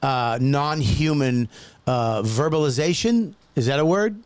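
A man's voice: mid-range voice, animated, a little slow, smooth, no room sound. A man co-hosting a podcast, ranting in exasperated casual banter and repeating himself. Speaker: podcast co-host.

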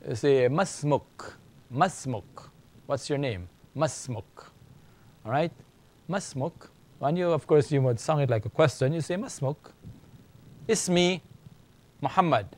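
A middle-aged man teaching an Arabic lesson, speaking slowly and repeating words for learners. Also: mid-range voice. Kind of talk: classroom language lesson.

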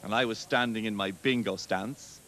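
A man's voice: on the low side, steady tone, normal speed, sharp tone. A man telling cheeky stand-up jokes with a boastful delivery. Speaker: comedian.

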